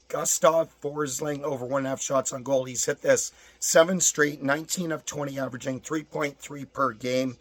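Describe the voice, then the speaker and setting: A hoarse man with a strained voice, rattling off sports betting stats and picks in a casual, list-like way. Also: mid-range voice.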